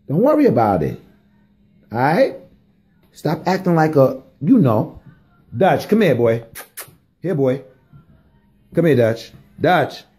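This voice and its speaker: A young man doing comic, slangy commentary as a mock mediator, scolding and coaxing in animated bursts. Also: a little high, slightly rough. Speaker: comedic vlogger. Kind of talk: comic running commentary to dogs.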